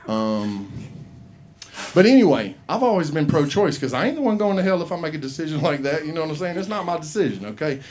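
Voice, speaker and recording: A man's voice: fairly high pitch, big pitch swings, fast, a little mellow. A middle-aged man doing open mic stand-up, rambling and profane, laughing at his own jokes in a small comedy bar.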